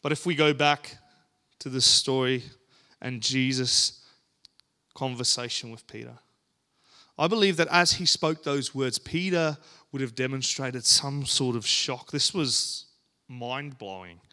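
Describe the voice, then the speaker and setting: Medium-pitched, bright and forceful, a man preaches a sermon and reads scripture aloud. He's earnest and deliberate, using dramatic pauses and emphatic rises.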